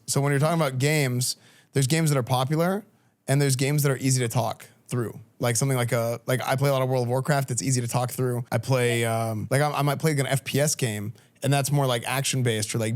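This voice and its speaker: A young man from Texas, a streamer talking casually to a school class and answering questions in an informal, chatty way full of restarts. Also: medium pitch. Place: classroom, indoors.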